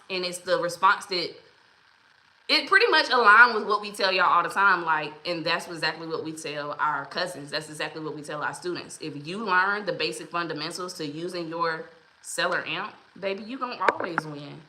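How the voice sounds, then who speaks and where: A woman's voice: fairly low pitch, normal speed, pushed and bright. Chatty woman hosting a livestream. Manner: chatty, encouraging, greets viewers by name. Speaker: livestream host. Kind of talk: casual livestream chat. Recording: roomy echo.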